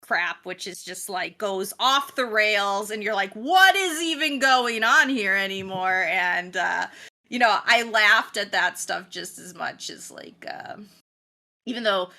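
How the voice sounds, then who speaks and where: A bright-voiced woman chats on a casual gaming podcast. Her voice sits at an ordinary pitch, and she talks eagerly, with plenty of "like" and "um" as she goes. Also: slow pace, gravelly. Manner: chatty and enthusiastic, many fillers like "like" and "um". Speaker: game editor, podcast co-host.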